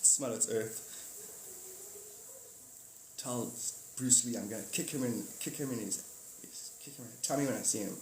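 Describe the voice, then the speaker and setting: A man's voice: medium pitch, normal speed, long pauses, darkish tone. A man hosting a casual live stream, rambling and joking, swearing now and then and acting out silly voices. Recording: echoey room with faint noise.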